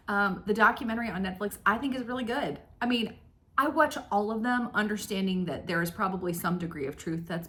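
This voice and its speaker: A woman in her thirties hosting a casual stitching vlog, chatting in a rambling, self-deprecating way with lots of ums. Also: mid-range voice. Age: 30s. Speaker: flosstube host. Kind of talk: casual chat to camera. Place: home craft room.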